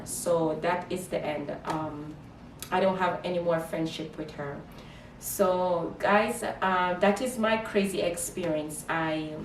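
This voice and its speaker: A woman with a lowish, somewhat dark voice tells a casual storytime vlog, animatedly quoting herself in Creole. The recording carries a little hiss or hum and was made in an echoey room with the mic at a distance.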